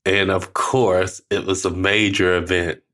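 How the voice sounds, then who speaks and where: An older man with a very low voice co-hosts a casual chat. He tells stories with animation, slips into other people's voices, and talks in easygoing slang. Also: unhurried. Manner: animated storyteller, acts out quotes with laughs; uses casual slang like finna and ain't. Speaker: podcast co-host.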